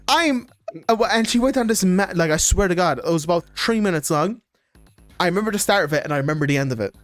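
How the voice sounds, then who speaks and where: A young Irish man in his twenties telling animated stories in casual chat as a streamer, laughing often. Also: high-pitched, quick pace, dry recording, faint music behind.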